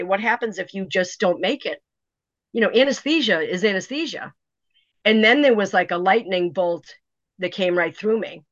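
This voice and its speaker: Woman, middle-aged, animated storyteller, dull lo-fi recording. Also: fairly low pitch, moderate pace, dry recording. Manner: animated, lots of "you know" fillers. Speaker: author guest. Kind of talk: storytelling in an interview. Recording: dry, dull lo-fi sound.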